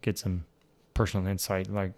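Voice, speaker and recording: A man's voice: sits low, completely flat delivery, normal speed, darkish tone. A man hosting a casual podcast chat, playful and teasing, laughing often. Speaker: podcast host.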